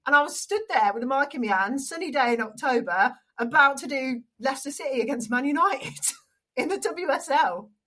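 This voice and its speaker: A young adult woman with an English accent, a stadium announcer and radio presenter telling an animated story in an interview. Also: sits high, normal speed, poor audio. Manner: animated storyteller, acts out quoted voices.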